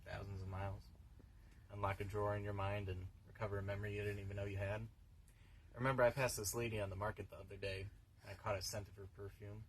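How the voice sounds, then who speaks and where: A man's voice: fairly low pitch, a little hiss or hum, poor audio. An older man, rambling wryly to a stranger on a bus in a dry comic monologue. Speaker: bus passenger.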